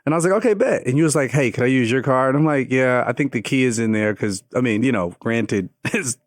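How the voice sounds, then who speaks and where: A man's voice: mid-range voice, quick pace, no room sound, clean studio sound. Een man die als co-host van een podcast ontspannen praat, grapt en tussendoor reageert. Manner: joking, laid-back interjections. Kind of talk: casual banter.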